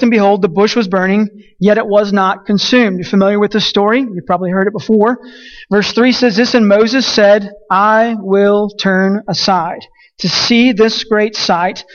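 A man's voice: high voice, lo-fi sound. A man preaching an earnest sermon, reading scripture aloud and repeating phrases as he corrects himself.

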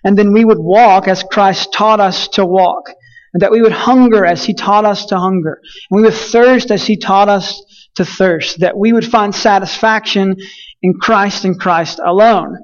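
A man's voice: sits high, a little slow, muffled recording. A young man from West Texas preaching a sermon, telling folksy stories with lots of fillers and restarts. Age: young adult. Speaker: pastor.

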